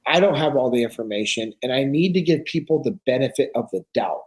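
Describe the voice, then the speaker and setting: A man's voice: medium pitch, expressive, brisk, rough recording. A man in his forties, a podcast guest, telling stories in casual conversation and acting out the dialogue. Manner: storytelling, acting out quoted dialogue.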